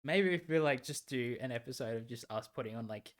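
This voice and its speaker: A man's voice: medium pitch, brisk. A man, co-hosting a casual podcast chat and telling stories with laughter and plenty of swearing. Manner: laughing storyteller, swears freely. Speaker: podcast co-host.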